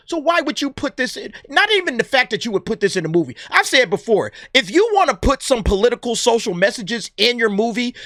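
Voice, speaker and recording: A man's voice: very high-pitched, pushed and bright, no echo, studio quality. A man ranting in an opinion commentary vlog, blunt, exasperated and sarcastic, with plenty of slang. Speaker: movie commentary vlogger.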